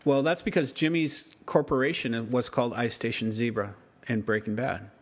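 A man's voice: mid-range voice, fairly even intonation, normal speed. Wry man rambling in casual chat. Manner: wry, joking, rambling with many restarts. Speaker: podcast co-host.

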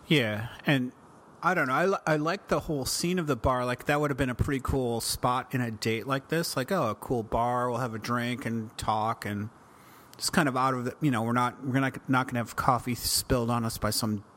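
A man's voice: mid-range voice, steady tone, moderate pace, fairly bright tone, a little hiss or hum. A man co-hosting a casual TV recap podcast, rambling with many restarts. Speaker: podcast co-host.

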